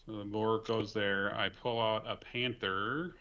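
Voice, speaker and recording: A man's voice: lowish voice, steady tone, unhurried, bright, forceful tone, muffled recording. A man playing a tabletop game, thinking aloud as he plans his turn. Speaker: player. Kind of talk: casual tabletop play.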